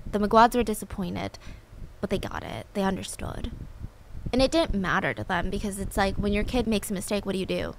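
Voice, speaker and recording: Young female storyteller, casual and animated, some background noise. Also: mid-range voice. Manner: chatty, animated, acts out quotes. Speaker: storytelling video host.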